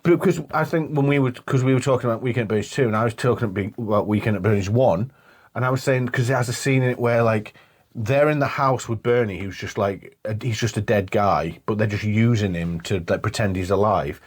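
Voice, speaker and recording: A man co-hosting a podcast, telling stories in casual chat and acting out scenes. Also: brisk. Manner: animated storyteller, acts out scenes in high voices. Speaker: podcast co-host.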